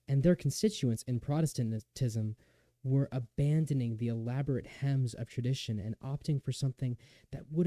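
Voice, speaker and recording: A young man delivers a lecture in a very mellow, warm voice at a middle pitch. He talks in an earnest, measured way, sometimes restarting a word. The sound is close and dry. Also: dry recording. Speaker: student lecturer. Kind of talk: lecture recital narration.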